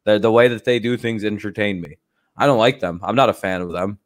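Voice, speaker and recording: A man's voice: fairly low pitch, fairly quick, no room sound, studio quality. A man hosting a casual livestream, rambling loosely and swearing freely, with frequent laughs. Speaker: streamer host.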